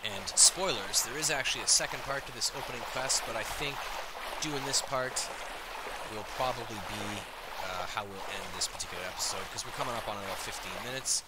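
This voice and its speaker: A man as host giving jokey, excitable let's play commentary. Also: medium pitch, fairly quick, very noisy. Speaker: gaming host.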